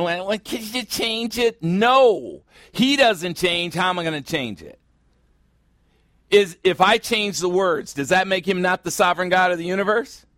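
A man preaching in a blunt, sarcastic way, tossing mocking asides at his listeners. His voice sits a bit higher than most men's. The sound is dry and close, with no room echo. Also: fairly bright tone. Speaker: pastor. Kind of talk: sermon.

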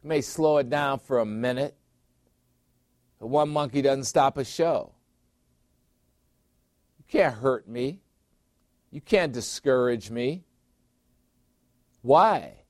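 A man's voice: mid-range voice, takes it slowly, long pauses, no room sound, clean studio sound. A middle-aged man preaching a sermon as pastor, emphatic, repeating phrases and putting questions to his listeners.

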